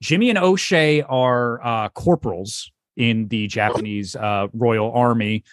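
A man's voice: mid-range voice, measured pace, no room sound. Guy hosting a podcast, rambly, laughs a lot, dry close sound. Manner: rambling, laughs between phrases, lots of fillers. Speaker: host. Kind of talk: casual podcast chat, setting up improv skits.

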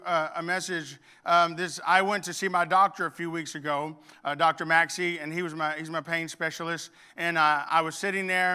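A middle-aged man preaches a sermon, slipping into humorous stories and acting out both sides of a conversation. His voice sits a bit high for a man, bright and forceful, with a smooth, clear tone. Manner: storytelling with humor, acts out dialogue. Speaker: pastor.

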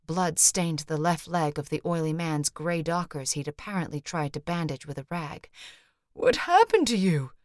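Woman narrating with a low voice. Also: flat delivery, moderate pace, hardly any pauses, dry recording, clean studio sound. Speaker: audiobook narrator. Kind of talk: scripted narration.

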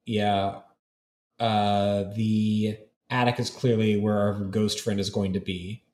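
A man's voice: fairly low pitch, level tone, slow pace, a little mellow. A man playing as a guest in an audio puzzle game, working through clues aloud with frequent restarts. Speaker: guest player. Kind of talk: casual game chat. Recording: roomy echo.

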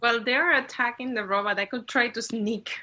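A woman's voice: fairly high pitch, moderate pace, pushed and bright. A woman playing a tabletop game, playful and bold, often laughing. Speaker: player.

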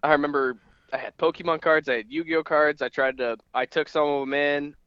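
A man's voice: a little high, fairly even intonation, fairly quick, smooth, no room sound, lo-fi sound. A young man co-hosting a podcast, telling rambling stories full of fillers in casual chat. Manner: rambling storyteller, many fillers. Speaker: podcast co-host.

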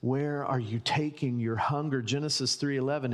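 A man's voice: mid-range voice, fairly even intonation, normal speed, in a large hall. A man preaching a sermon as pastor, building emphatic runs of repeated rhetorical questions. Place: church sanctuary.

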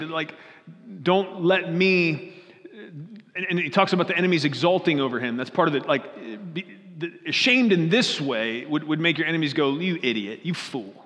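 A man's voice: fairly high pitch, fairly bright tone. A man reading scripture aloud and then preaching, earnest, often putting questions to his listeners and repeating his phrases. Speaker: pastor. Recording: long reverb of a hall.

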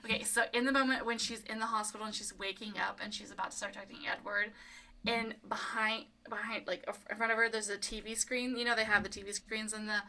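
A woman co-hosting a podcast in casual chat, talking in a chatty, excitable way with lots of fillers. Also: fairly high pitch, fast. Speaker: podcast co-host.

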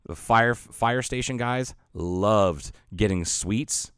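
A man with a low, smooth voice spins long, casual stories on a podcast, swearing freely and correcting himself as he goes. The sound is close and dry. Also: slow pace, no room sound. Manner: rambling, profane, animated anecdotes with self-corrections. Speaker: podcast co-host. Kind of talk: casual storytelling chat.

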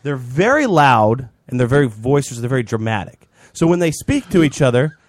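Young man, podcast co-host, rambling, animated, dry close mic, mid pitch. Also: a little fast, no room sound. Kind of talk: casual chat.

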